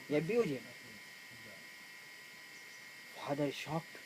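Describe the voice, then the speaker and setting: A man's voice: a little high, expressive, moderate pace, long pauses, darkish tone, slight background noise, low-quality recording. A man, not a native English speaker, gives a spiritual talk in broken English, retelling a film story and quoting its characters to meditation students. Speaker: spiritual teacher. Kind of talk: spoken discourse to meditation students.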